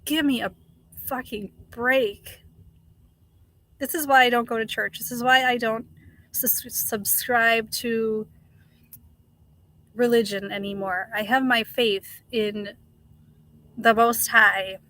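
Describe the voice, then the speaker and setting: A woman's voice: a little high, flat delivery, takes it slowly, long pauses, sharp tone. A middle-aged woman streaming live, ranting passionately in casual chat, swearing and greeting viewers.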